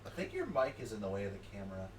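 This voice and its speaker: A man's voice: lowish voice, huge pitch swings, rapid-fire, recorded from a distance, background noise. A man bantering with a friend at home, cocky and crude, joking around. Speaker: streamer's friend. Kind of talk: casual banter. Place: same home as host.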